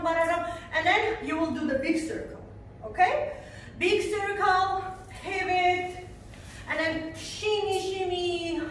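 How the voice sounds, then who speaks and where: A woman's voice: high voice, a bit bright, distant mic, slight background noise. A woman teaching a belly dance routine, counting beats aloud and singing the melody in syllables as she demonstrates, recorded in a studio. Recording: roomy echo, voice from off-mic.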